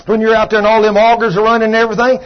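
An older man preaching a sermon in a folksy way, husky, swinging from soft asides to loud calls. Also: sits high, monotone, very fast. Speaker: pastor. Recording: dull lo-fi sound.

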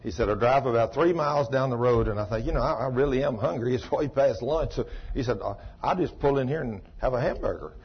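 Husky preacher, shouting and murmuring. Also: male voice, quick pace, hardly any pauses. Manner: swings from ecstatic shouts to low retelling. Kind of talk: sermon storytelling. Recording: dull lo-fi recording.

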